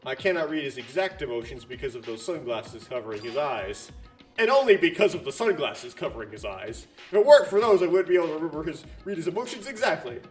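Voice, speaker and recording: A man reading the part of a sharp, probing female psychologist who asks slow, pointed questions. The voice sits a bit high, over faint game music, and stays close to his own. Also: big pitch swings, recorded from a distance.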